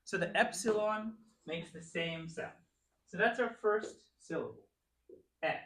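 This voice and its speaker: A man's voice: sits high, unhurried, a bit bright. Patient man teaching in an echoey room. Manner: patient, coaxing, calls on students. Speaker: Bible class teacher. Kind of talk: classroom teaching. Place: church classroom.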